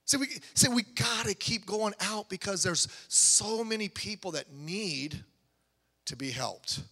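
Pastor guy preaching, high bright voice, chatty then punchy, big reverby hall. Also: unhurried. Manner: animated, conversational preaching with rising emphatic peaks. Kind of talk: sermon.

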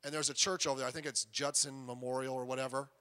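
A man preaching a sermon as pastor, animated, with sudden loud emphasis and quiet asides. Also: medium pitch, fast talker. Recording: long reverb of a church hall.

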